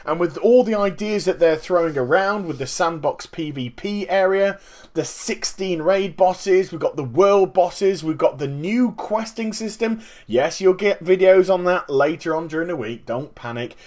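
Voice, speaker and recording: A man hosting a casual gaming commentary vlog, talking in an animated, emphatic way and explaining things step by step. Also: high voice, moderate pace. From Northern Hemisphere. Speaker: gaming video host.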